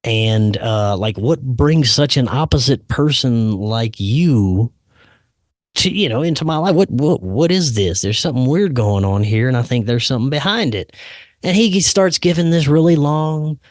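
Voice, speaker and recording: Male podcast host, casual storyteller, lively and slangy, average pitch, dry close sound. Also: normal speed, no echo. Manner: animated, slangy, peppers talk with "man" and "dude".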